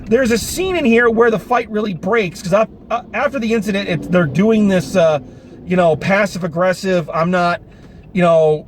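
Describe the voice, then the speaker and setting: A man giving a casual, animated review of a film, talking with exasperation and some swearing, recorded in a car. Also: high voice, moderate pace. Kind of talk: casual spoken movie review. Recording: noisy car interior.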